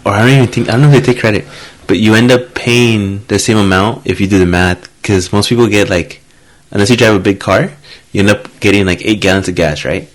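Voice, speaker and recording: Deep-voiced man rambling in casual chat. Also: fairly even intonation, fairly quick. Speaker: podcast co-host.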